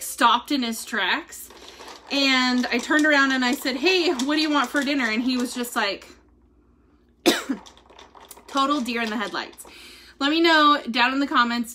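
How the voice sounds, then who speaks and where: High, bright chatty mom vlogger. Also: female voice. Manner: rambling storyteller, laughs often, digresses. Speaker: vlogger selling wellness drinks. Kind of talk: casual chatty livestream talk.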